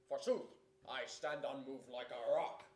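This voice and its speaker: A man's voice: mid-range voice, a little slow, a little mellow, roomy sound, far from the mic. A man reading rhymed narration and a commander's lines in mock-Elizabethan style at a casual table read. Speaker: narrator chorus and Tarkin.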